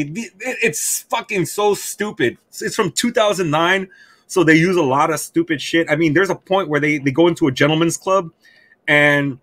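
Brief: excitable, foul-mouthed male podcast co-host with a bright, slightly high voice. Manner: excited, profane, rambling. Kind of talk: casual chat.

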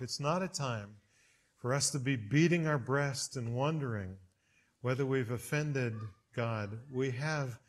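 A man preaching a sermon, telling stories with big swings in pitch and loudness. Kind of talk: sermon with storytelling.

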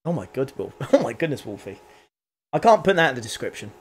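A man's voice: medium pitch, sing-song, slightly rough. A man giving casual, self-mocking commentary while live-streaming a racing game. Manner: chatty, self-mocking, quick to laugh.

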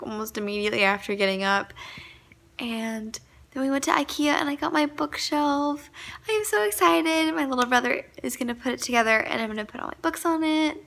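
Bright, high-voiced chatty woman vlogger. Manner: chatty, enthusiastic, rambling. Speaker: book vlogger. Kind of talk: casual vlog chat.

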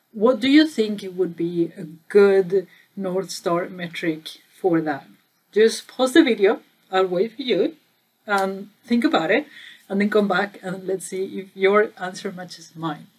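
A woman's voice: mid-range voice, darkish tone, breathy edge. Woman explaining business metrics to camera. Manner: conversational, stresses key words, asks viewers questions. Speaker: channel host and data trainer. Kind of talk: casual explainer video.

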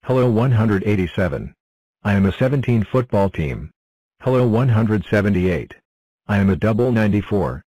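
A man voicing a low, flat talking number block. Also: moderate pace, no echo, rough recording. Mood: plain. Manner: announces itself in short flat sentences.

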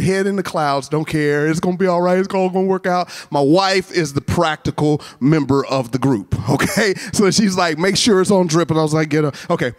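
High-voiced man telling a chapel story. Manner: animated, acts out voices in his stories. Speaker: chapel speaker. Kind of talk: storytelling sermon. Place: college chapel.

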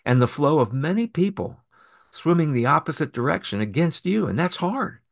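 A male pastor delivers a sermon in an ordinary mid-range voice. He punches key lines with sharp jumps in pitch and volume. When he reads scripture, he settles into an even narrating tone. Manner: emphatic preaching with sharp rises in pitch and volume on key phrases.

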